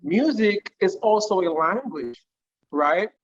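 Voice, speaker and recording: Animated man, dull lo-fi audio. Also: high voice, slow pace. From Nigeria. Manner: animated, explains through analogies, keeps checking with "right?". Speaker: guest singer giving career advice. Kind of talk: conversational interview.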